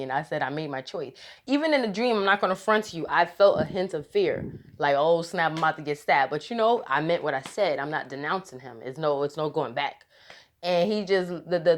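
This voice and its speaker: Woman vlogger, low-leaning voice, chatty and loose, tells stories with lots of restarts and laughter. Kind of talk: casual storytelling to camera.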